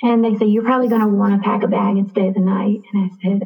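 A young woman, a podcast guest, quietly and reflectively recounting a personal story. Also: mid-range voice, steady tone, fast talker, creaky, few pauses. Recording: tinny phone-like line.

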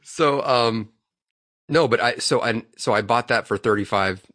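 A man's voice: mid-range voice, a little slow, no echo, studio quality. A man co-hosting a podcast, telling a story in a casual, profane way and acting out his own outbursts. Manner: animated, swears freely, acts out his own outbursts. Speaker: podcast co-host.

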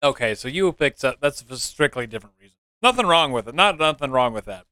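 A man co-hosting a podcast, chatting casually and excitedly about a mobile game, joking and laughing. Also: mid-range voice, fast talker, clean tone, no echo, studio quality. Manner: excitable, laughs a lot, jokey. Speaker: podcast co-host.

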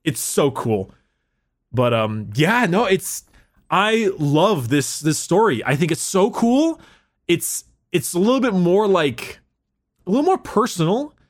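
Excitable young guy podcasting. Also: sits high, measured pace. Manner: excited, rambling, swears casually, laughs often. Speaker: podcast co-host. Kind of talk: casual chat.

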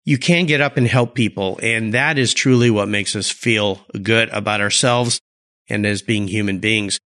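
A man's voice: on the low side, normal speed, a bit bright. A man hosting a podcast interview, upbeat and speaking directly to his listeners. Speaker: podcast host. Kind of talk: conversational interview.

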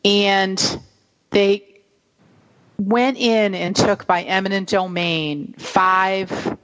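Brief: New England woman, co-host, unhurried storyteller, muffled lo-fi recording. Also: medium pitch, fairly even intonation, fairly bright tone. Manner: chatty, laughs easily, slow deliberate storytelling. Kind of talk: casual chat. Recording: dull lo-fi sound.

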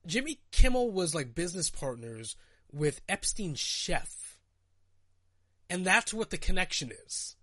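Bright, dry-sounding male podcast co-host. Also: sits high, sing-song, measured pace, no echo. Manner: loose, hedging with lots of "like" and swearing. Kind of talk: casual chat.

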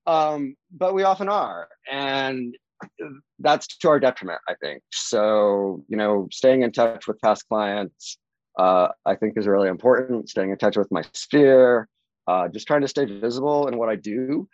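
This man, a real estate agent, talks unhurriedly in a casual interview, wandering through his points with plenty of fillers and a pitch that swings around. There's no room sound, and the audio is dull.

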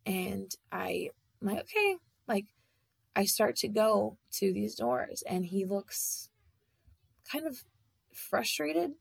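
A woman tells a personal story in a mid-range voice that is strongly gravelly and husky. Her speech is halting, full of fillers and restarts, and the sound is dry and close with no room echo.

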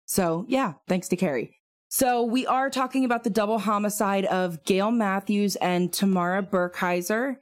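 A woman's voice: medium pitch, moderate pace. A woman co-hosting a casual true-crime podcast, talking in a chatty way with lots of fillers and asides. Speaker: podcast co-host.

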